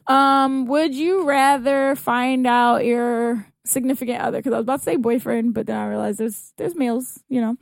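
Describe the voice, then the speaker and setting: A woman's voice: fairly high pitch, steady tone, normal speed, vocal fry, few pauses, no echo. A woman co-hosting a podcast, chatting casually in blunt slang and laughing often. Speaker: podcast co-host. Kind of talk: casual group chat.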